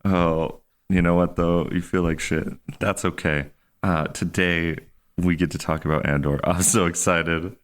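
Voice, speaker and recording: A man's voice: sits low, fairly even intonation, a little slow. A man hosting a podcast in casual chat, joking and hesitant, with many fillers and restarts. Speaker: podcast host.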